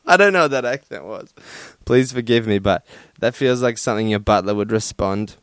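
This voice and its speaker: A man's voice: on the low side, a little fast, few pauses, dry recording. A young man hosting a casual solo podcast from his room at home, swearing often, laughing and using lots of fillers while sunburnt and hot. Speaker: podcast host.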